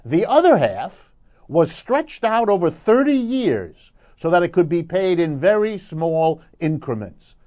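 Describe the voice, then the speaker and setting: Male commentator with a slightly high voice, emphatic and lecturing, on muffled lo-fi audio. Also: very animated, measured pace, a little mellow. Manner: emphatic, lecturing, building points through repetition. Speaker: economic commentator. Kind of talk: radio commentary segment.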